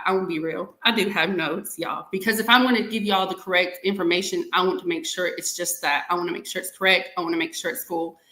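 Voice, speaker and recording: A woman with a lowish, echoey voice hosts a podcast and chats casually with her viewers in what sounds like a live stream. She's warm and talkative toward them and says "y'all" a lot.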